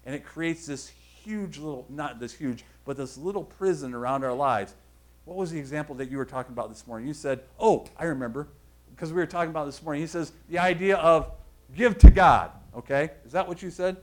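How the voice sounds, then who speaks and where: A man's voice: a little high, fairly quick, low-quality recording. Chatty, rambling male preacher. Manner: conversational, rambling, self-correcting. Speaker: pastor. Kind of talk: sermon.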